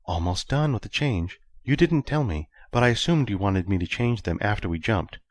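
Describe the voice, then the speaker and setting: A man voicing a principled female ship computer who speaks calmly and quietly. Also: lowish voice, moderate pace, dry recording, clean studio sound. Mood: prim.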